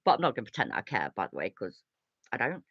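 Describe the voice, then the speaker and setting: Gravelly, sweary woman chatting. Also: a bass voice, sing-song, rapid-fire, no room sound, lo-fi sound. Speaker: host. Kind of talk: casual livestream chat.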